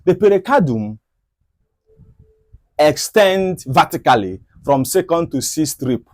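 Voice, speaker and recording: A man's voice: a little high, sing-song, takes it slowly, no echo, clean studio sound. A man teaching a medical anatomy lesson over diagrams. He often repeats key points and asks rhetorical questions. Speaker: medical educator.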